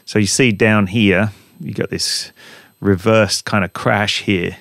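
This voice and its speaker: A man hosting a casual walkthrough in his home music studio, talking in a relaxed, rambling way with plenty of ums. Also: fairly low pitch, slow, gravelly, dry recording. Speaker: music producer and channel host. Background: music samples playing.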